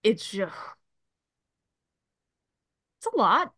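Bright-voiced, animated woman podcaster. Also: mid-range voice, extremely slow, breathy edge, no echo, studio quality. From Connecticut, USA. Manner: animated, swears freely, loud outbursts. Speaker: podcast co-host. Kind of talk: casual chat.

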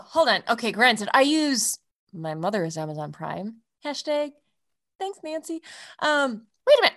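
A woman co-hosting a casual podcast, reacting loudly with quick exclamations and swearing. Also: fairly high pitch, big pitch swings. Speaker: co-host.

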